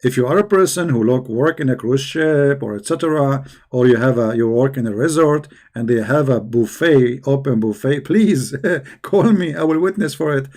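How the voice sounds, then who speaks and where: A man hosting a casual livestream, talking in a mocking, animated way with quick asides. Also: mid-range voice. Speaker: host.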